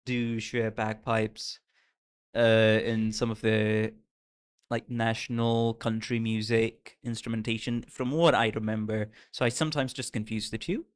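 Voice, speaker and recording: A man's voice: on the low side, flat delivery, unhurried, clear, resonant tone. A young man streaming, chatting casually with his viewers, playful and often laughing. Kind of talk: casual live-stream reaction chat. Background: faint music.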